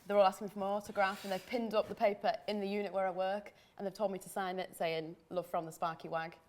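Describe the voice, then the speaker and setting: Fast-talking chatty woman guest. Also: mid-range voice, level tone, darkish tone, a little hiss or hum. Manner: chatty, good-humoured storytelling. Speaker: guest fan in the news. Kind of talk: casual interview chat.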